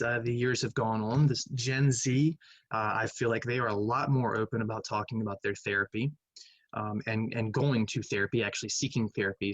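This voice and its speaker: In a recorded online lecture, a male math teacher reviews quiz questions in a relaxed, conversational style, thinking aloud as he weighs each answer and humming while reading. His voice is at an ordinary middle pitch. The sound is dry and close, without room echo.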